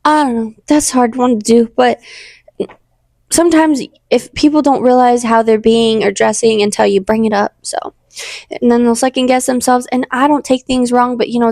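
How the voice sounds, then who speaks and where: A woman's voice: fairly high pitch, darkish tone, no room sound, clean studio sound. A young woman hosting a casual faith talk, earnest and rambling, with many fillers and restarts. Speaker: podcast host.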